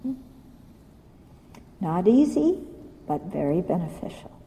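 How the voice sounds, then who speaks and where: A woman giving a Buddhist dharma talk, animated and self-mocking, often laughing at her own stories. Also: lowish voice, slow, gravelly, big-room sound, low-quality recording. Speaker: Buddhist teacher.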